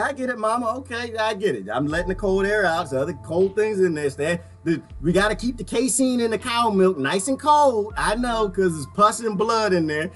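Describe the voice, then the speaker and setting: A man giving casual reaction commentary, animated and preachy, asking the same rhetorical questions again and again. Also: sits high, fairly quick, few pauses, soft background music.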